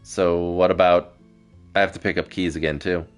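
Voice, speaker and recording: A man voicing a flustered, confused young male hero who breaks into startled, high-pitched outbursts. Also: level tone, normal speed, clear, resonant tone, soft background music, lightly acted.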